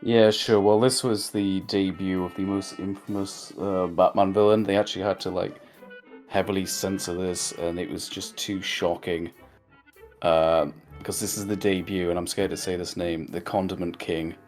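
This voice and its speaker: A man's voice: low voice, steady tone, moderate pace, darkish tone, faint music behind. A man co-hosting a casual review chat, rambling through jokey recaps with lots of fillers. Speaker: podcast co-host.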